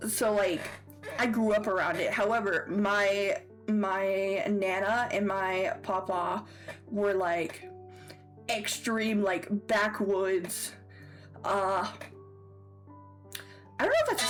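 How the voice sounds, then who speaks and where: A woman's voice: mid-range voice, a little slow, over music. A woman with a Southern American accent chatting casually on a livestream, playful and giggly with squealy outbursts. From Southern United States. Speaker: streamer.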